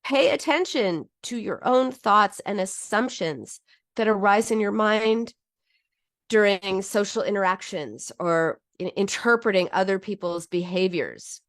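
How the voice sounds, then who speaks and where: Middle-aged woman teaching, earnest and heartfelt, trips over words and restarts, mid pitch, dry close sound. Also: expressive, a little slow, dry recording. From United States. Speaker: psychology teacher on binge eating. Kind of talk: personal teaching talk with stories.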